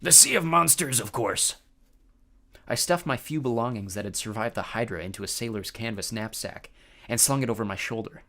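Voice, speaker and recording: A man narrating a first-person audiobook with expressive storytelling. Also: on the low side.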